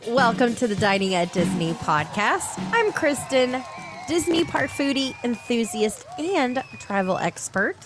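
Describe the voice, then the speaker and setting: A woman's voice: fairly high pitch, sing-song, unhurried, music in the background. A woman co-hosting a food podcast in casual chat, laughing easily as she reads out announcements. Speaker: podcast co-host.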